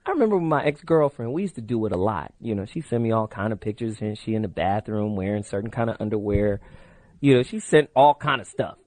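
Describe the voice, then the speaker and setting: A middle-aged man with a fairly low, slightly mellow voice talks quickly with lively intonation, hosting a late-night call-in show from a radio studio on a studio microphone. Brash and loose, he tells stories and keeps promoting the phone line.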